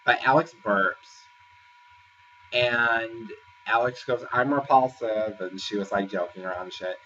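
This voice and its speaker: Man, casual reality-show recapper, lower voice, bright tone, rambling delivery. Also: a little slow, slight background noise. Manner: rambling, filler-heavy retelling. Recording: distant, dull lo-fi sound with faint ambience.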